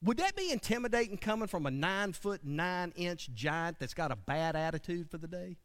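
A man preaching a sermon, animated and dramatic, swinging from loud bursts to hushed lines. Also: high voice, moderate pace. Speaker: pastor.

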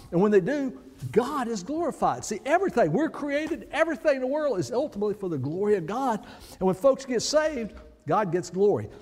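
Guy preaching in church, high voice bouncing all over, big echoey hall. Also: darkish tone. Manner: emphatic preaching with congregation read-alongs. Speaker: pastor. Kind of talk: sermon. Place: church sanctuary.

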